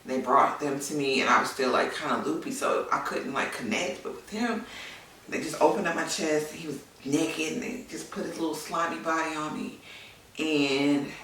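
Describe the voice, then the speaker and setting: Her voice is deep and fairly bright, her pace moderate, with slight background noise: a vlogger and new mother chatting candidly through a personal story, using lots of fillers. The mic is far off in an echoey room.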